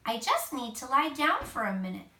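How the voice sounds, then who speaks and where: A fussy, curious little girl, voiced by a mother reading a picture book. Her complaints come out high and bright with a lively lilt, and they echo around a room away from the mic. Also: moderate pace, heavily acted. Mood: sleepy. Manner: grumbling, yawning complaints. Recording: echoey room, mic at a distance.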